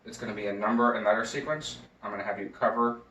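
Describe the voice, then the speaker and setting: A man's voice: fairly low pitch, fairly even intonation, quick pace, sharp tone, far from the mic, a little hiss or hum. A young man, a nursing student, talking through a health exam step by step with frequent ums and uhs. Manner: hesitant, many fillers, explains each step. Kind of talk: recorded skills demonstration. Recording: echoey room, voice from off-mic.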